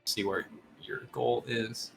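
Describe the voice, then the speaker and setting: A man in a mid register narrating a tabletop adventure as game master. He laughs often and chats loosely with his player over soft background music. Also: mid-range voice, steady tone, slow pace, vocal fry.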